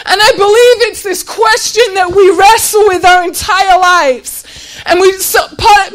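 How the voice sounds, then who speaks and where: A woman with a very high voice preaching a heartfelt sermon. She pushes her voice up to near shouting and sounds close to tears as she presses question after question. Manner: impassioned, often near tears and raising her voice; repeats rhetorical questions.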